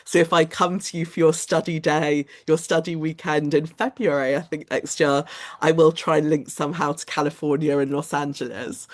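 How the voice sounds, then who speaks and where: A woman giving a lecture in a chatty, animated storytelling manner, often quoting other people's voices. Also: low-pitched, moderate pace. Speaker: guest lecturer. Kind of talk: lecture to a study group.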